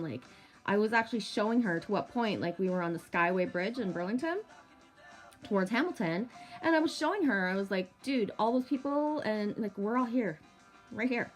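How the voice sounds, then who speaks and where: In this casual vlog monologue, a woman in her thirties shares a long personal story, cursing and using fillers throughout. Her medium-pitched voice has lively intonation at normal speed. Faint music sits behind her.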